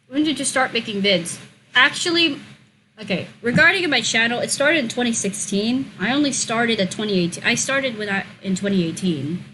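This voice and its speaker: A woman hosting her channel, chatting casually and excitedly as she plays and reads, gushing, swearing and squealing now and then. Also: a little high, normal speed, a little hiss or hum, rough recording. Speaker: channel host. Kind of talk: casual commentary while gaming and reading.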